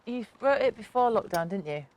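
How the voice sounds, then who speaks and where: A woman's voice: on the high side, animated, fairly quick, darkish tone. A woman co-hosting a podcast, chatting casually outdoors in a back garden and asking encouraging follow-up questions. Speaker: podcast co-host. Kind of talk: casual chat.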